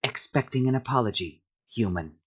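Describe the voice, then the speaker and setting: A man's voice: medium pitch, expressive, unhurried, a bit bright, breathy edge, dull audio, heavily acted. A snappish sneering alien female, as a man puts her on. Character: prickly, defensive female alien.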